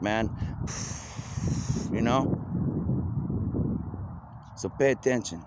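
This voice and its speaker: A man rambling excitedly in an outdoor monologue, repeating himself as he goes. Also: on the low side, normal speed, pauses often. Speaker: video blogger. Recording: noisy outdoor recording.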